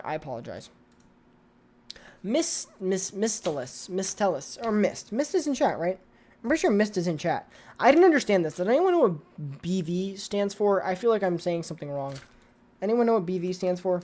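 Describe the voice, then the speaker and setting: A woman's voice: on the low side, a little mellow. A woman hosting a casual livestream. She reacts to viewer comments, talks straight to chat and often repeats her words. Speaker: livestream host.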